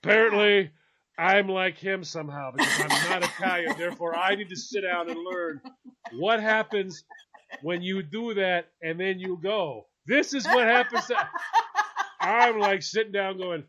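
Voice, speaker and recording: Lively man telling a story. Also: high voice, moderate pace. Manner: dramatic, acts out voices, laughs often. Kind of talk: animated storytelling. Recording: dull lo-fi sound.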